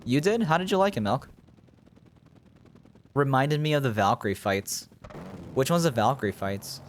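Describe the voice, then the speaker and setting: A man's voice: mid-range voice, animated, moderate pace, slight background noise. A man streaming a video game, thinking aloud in casual commentary and chatting with his viewers. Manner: rambling, thinking aloud while playing; chats with viewers.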